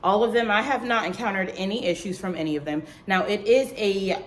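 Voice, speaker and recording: A young woman vlogging to the camera in casual chat, telling a lively story and acting out what others said in a higher voice, checking in with "okay?" as she goes. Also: moderate pace, a little hiss or hum. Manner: animated storytelling, acts out quotes in a high voice; talks straight to viewers, tags lines with "okay?" and "girl".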